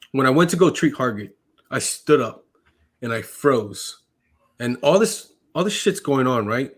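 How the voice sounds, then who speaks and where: Fairly bright and medium in pitch, this man's voice tells a long, personal story on a podcast. A military veteran who was an army medic, he keeps it conversational, swearing frequently and relying on fillers like "uh" and "like."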